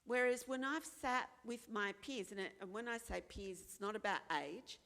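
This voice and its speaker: A woman's voice: fairly high pitch, moderate pace, fairly bright tone, big-room sound. An Australian woman speaking frankly and earnestly at a forum, repeating phrases for emphasis and acting out the voices of people she quotes. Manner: acts out other people's voices when quoting. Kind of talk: candid personal talk at a forum.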